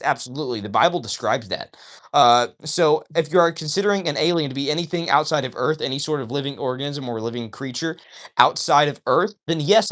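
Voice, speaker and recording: A man hosts a casual livestream, speaking in a voice a little higher than most men's. He is chatty and upbeat, reads viewers' comments aloud and greets them by name. The sound comes through a phone microphone. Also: a bit bright. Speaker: livestream host reading chat.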